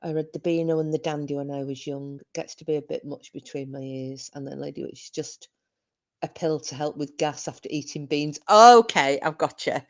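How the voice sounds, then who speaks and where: A woman's voice: low-pitched, moderate pace. A woman hosting a podcast, reminiscing in casual chat, giggly and full of fillers. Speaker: podcast host.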